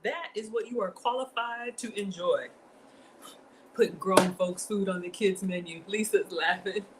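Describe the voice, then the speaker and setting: A woman hosting a home cooking livestream, telling stories in an animated, chatty way and talking straight to her viewers. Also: mid-range voice, unhurried, noisy background. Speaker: home cook livestream host.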